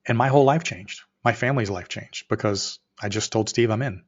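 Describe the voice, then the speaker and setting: A middle-aged entrepreneur guesting on a podcast tells an energetic story in a brisk, lowish voice, acting out both sides of the dialogue and sometimes nearly shouting. The audio is muffled and slightly lo-fi.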